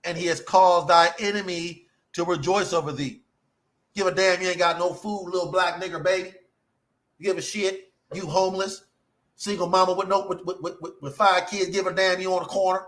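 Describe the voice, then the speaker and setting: A man's voice: high-pitched, steady tone, fairly bright tone. A man mimicking a sneering cruel oppressor. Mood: scornful. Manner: contemptuous, rapid-fire taunting.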